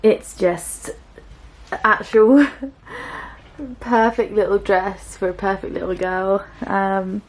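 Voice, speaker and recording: A young woman chatting gently to the camera about her sewing, full of fillers and soft laughs. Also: mid-range voice, fairly even intonation, slow pace, pauses often. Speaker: sewing vlogger. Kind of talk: casual chat to camera. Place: small room at home.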